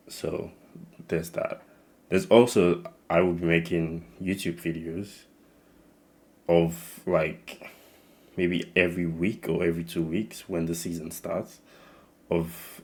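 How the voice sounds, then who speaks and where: A young man with a Nigerian-tinged accent casually introducing his channel, rambling with many restarts and fillers. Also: sits low. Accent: Nigerian English mixed with slight American. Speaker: channel host.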